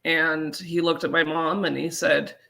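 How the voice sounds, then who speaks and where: A woman from Colorado telling a personal story as an interview guest, halting and earnest, with many fillers. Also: deep voice, level tone, gravelly, bright, forceful tone. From Colorado, USA.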